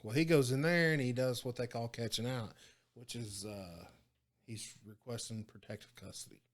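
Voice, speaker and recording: A man with a drawl spins stories as a podcast guest, salty and loose with his swearing. He talks in a relaxed, conversational way and acts out the people he quotes, his voice rising when things get heated. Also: mid-range voice, normal speed. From Oklahoma. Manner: profane, animated storytelling with quoted dialogue. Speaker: guest, former prison guard. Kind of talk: casual storytelling interview.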